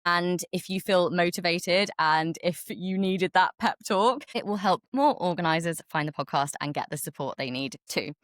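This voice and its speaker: A woman hosts her own podcast in an energetic, casual motivational monologue, dropping swear words as she talks. Her voice sits fairly low for a woman but leaps upward whenever she pushes a point. The sound is dry and close, with no room around it. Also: normal speed, hardly any pauses, no echo. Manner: energetic, swears casually, pitch swings up on emphasis. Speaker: podcast host and business coach.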